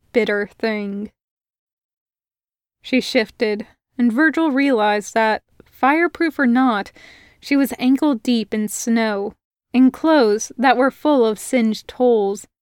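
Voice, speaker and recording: A woman reads a fantasy story aloud at an unhurried, measured pace, her voice pitched a bit high. The recording is dry and close, with no room echo behind her. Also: smooth. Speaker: podfic reader. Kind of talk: audiobook narration of fan fiction.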